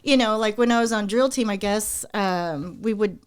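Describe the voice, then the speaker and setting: A woman in her forties from the United States, a guest DJ telling stories in animated, chatty podcast talk. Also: medium pitch, normal speed, smooth. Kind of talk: casual podcast chat.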